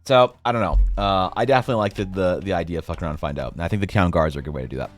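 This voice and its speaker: A man streaming, chatting casually while he draws, in a rambling, profane, animated way. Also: sits low, very fast, faint music behind.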